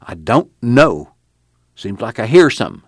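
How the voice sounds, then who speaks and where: A man's voice: mid-range voice, big pitch swings, a little slow, no echo, clean studio sound. A man voicing a nervous, jumpy fellow who speaks restlessly. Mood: uneasy. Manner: restless, uneasy.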